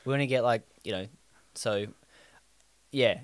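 A man's voice: mid-range voice, a little slow, smooth, dry recording. A man, co-hosting a casual podcast chat and rambling with restarts. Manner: rambling, frequent restarts and fillers. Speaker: podcast co-host.

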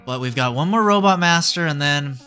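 A young man giving excitable live commentary as a streamer, yelping and groaning at the game. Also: a little high, fairly quick, clean tone, faint music behind. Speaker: VTuber streamer.

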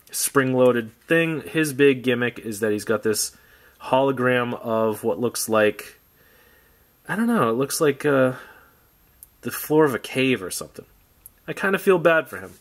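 A man talks loosely through an unboxing of old toys, his pitch sitting in an ordinary middle range. His commentary wanders, full of wry little jokes and offhand asides. The tone stays relaxed and unscripted throughout. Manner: rambling, wry, jokey asides. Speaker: toy collector vlogger.

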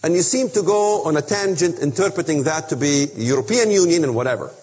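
Man, preaching a Bible lesson, emphatic rhetorical questions, high voice, echoing hall. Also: animated, brisk, darkish tone. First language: Arabic. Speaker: speaker on biblical prophecy. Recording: long reverb of a hall.

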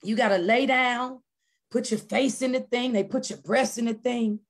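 Female church missionary, high voice, lively storyteller who acts out voices and erupts in praise. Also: moderate pace. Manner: animated storytelling, acting out quoted voices; bursts into shouted praise. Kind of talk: personal testimony at a prayer service.

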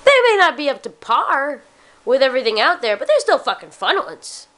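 Animated, slurring woman ranting bluntly. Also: sits high, fairly quick. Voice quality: slightly slurred speech. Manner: swears often, blunt and opinionated. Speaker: vlogger. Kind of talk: casual ranting monologue.

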